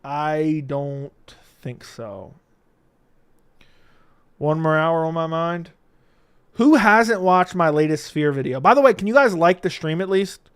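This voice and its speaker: A man's voice: a little high, expressive, normal speed, a bit bright, clean tone, dry recording. A man hosting a live MMA stream, reading viewer messages and joking with his chat, laughing often. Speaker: MMA livestream host. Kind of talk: casual livestream chat reading viewer comments.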